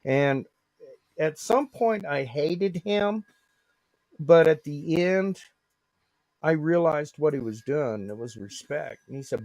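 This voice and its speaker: A man's voice: a little high, unhurried, no room sound. A man in casual livestream chat, telling a story in a folksy, earnest way. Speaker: panel guest.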